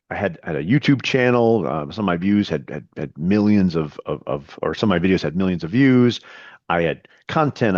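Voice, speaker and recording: A man's voice: fairly low pitch, no room sound, muffled recording. A middle-aged man, a podcast guest and coach, tells his story earnestly, often repeating and restarting his words. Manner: earnest, with frequent repetitions and restarts. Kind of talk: storytelling in an interview.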